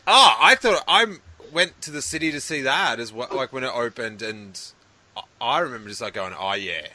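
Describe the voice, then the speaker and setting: Bright-voiced man telling stories. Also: medium pitch, normal speed. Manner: animated, rambling storyteller with many restarts. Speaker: podcast co-host. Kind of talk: casual chat.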